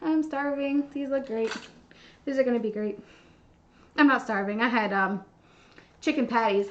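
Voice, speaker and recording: A woman hosting a baking livestream, chatting casually and gushing with excitement. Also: fairly high pitch, moderate pace, pauses often. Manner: bubbly, gushing, squealing with excitement. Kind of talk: casual live-stream chat while baking. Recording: dull lo-fi stream audio.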